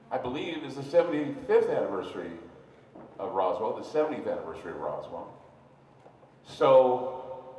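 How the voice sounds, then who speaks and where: A man, a radio talk host, speaking live to a bar audience as an animated, rambling storyteller with mocking asides. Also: mid-range voice. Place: sports bar, live event. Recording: roomy, far-off live room sound with faint noise.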